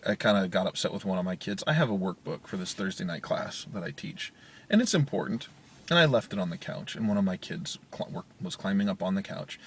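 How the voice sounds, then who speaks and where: A man with a low, slightly husky voice talks to camera from his parked car, thinking out loud about being a parent. He rambles candidly, with frequent restarts and fillers. The sound is a small built-in mic in a closed car. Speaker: vlogger, parent. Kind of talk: casual talk to camera. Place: parked car in a parking garage. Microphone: handheld media player's built-in mic.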